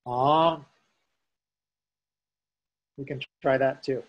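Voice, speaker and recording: A man teaching a Sanskrit lesson, calmly explaining sounds and chanting tones for students to repeat. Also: mid-range voice, a little slow, husky, lo-fi sound. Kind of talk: slow guided chanting lesson.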